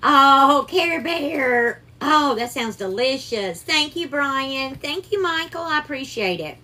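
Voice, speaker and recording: Southern woman, cooking stream host, crisp bright tone, a bit high, affectionate and chatty with viewers. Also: expressive, slow. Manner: chatty, greets viewers by name with terms of endearment. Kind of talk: casual live cooking stream.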